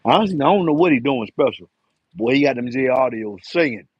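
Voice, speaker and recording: Guy around 50 just rambling live, kinda raspy and higher voice, dry close sound. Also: lively intonation, fairly quick, dry recording, highs cut off. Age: 50s. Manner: rambling, loose and talkative, full of slang. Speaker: live-stream host, enclosure builder. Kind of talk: casual live-stream chat.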